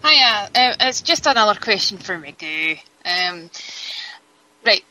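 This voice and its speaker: Bright, chatty woman co-hosting radio. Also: mid-range voice, lively intonation, slow pace, poor audio. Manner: chatty and enthusiastic, with frequent restarts. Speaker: radio show co-host. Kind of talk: casual radio chat.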